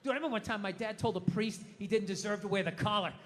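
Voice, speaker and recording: A man doing a stand-up comedy set, ranting loudly with heavy swearing and shouted impressions. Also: high-pitched, very fast, in a large hall, heavy background noise. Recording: live club with audience laughter. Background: crowd laughing.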